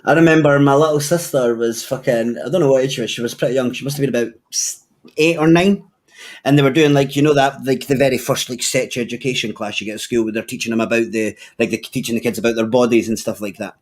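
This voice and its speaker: A man's voice: medium pitch, fairly even intonation, fast talker. A young man telling profane, funny stories in casual chat, laughing as he goes. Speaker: podcast host.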